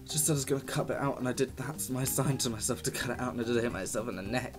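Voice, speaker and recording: A young man giving jokey, excitable commentary while playing a video game, talking to the screen as he goes. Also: mid-range voice, fast talker, over music. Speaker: gaming YouTuber. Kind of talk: casual let's-play commentary.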